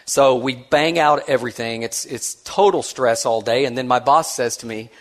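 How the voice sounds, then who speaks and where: A man's voice: medium pitch, moderate pace. A man giving a conference keynote and telling a story. His talk is conversational and self-deprecating, with many restarts, and he acts out the voices of the people he quotes. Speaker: conference speaker.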